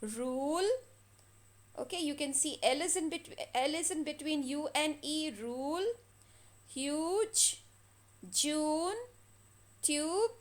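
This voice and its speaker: A woman teaching a phonics lesson to children, stretching and repeating each word slowly for practice. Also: sits high. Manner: slow, drawn-out words repeated for practice.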